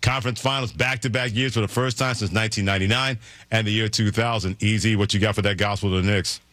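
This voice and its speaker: Bright, dry-sounding male sports radio host. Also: on the low side, steady tone, fast talker, no room sound. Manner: jovial, laughs often, introduces callers. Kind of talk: call-in sports talk.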